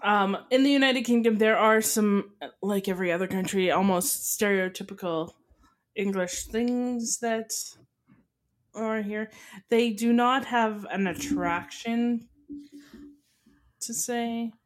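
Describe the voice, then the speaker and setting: A woman's voice: medium pitch, slow pace. A woman co-hosting a podcast, chatting casually and explaining tips with many fillers. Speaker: podcast co-host. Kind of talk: casual chat.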